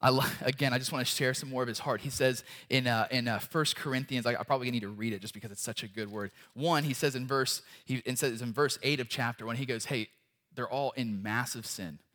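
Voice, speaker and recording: A young man preaching a sermon as a guest speaker, swinging between loud, emphatic pleas and quiet, intimate lines. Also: mid-range voice, fairly even intonation, fast talker, few pauses.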